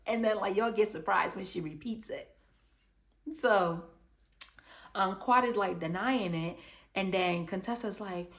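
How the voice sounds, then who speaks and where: A woman casually recapping a reality show episode, chatty and animated, acting out what the cast said. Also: mid-range voice, normal speed. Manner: chatty and animated, acts out quotes. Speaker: reality TV reviewer.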